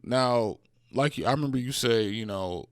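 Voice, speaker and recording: A man's voice: mid-range voice, normal speed, no room sound, studio quality. A man co-hosting a podcast in casual chat about movies and shows, opinionated and emphatic in his asides. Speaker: podcast co-host.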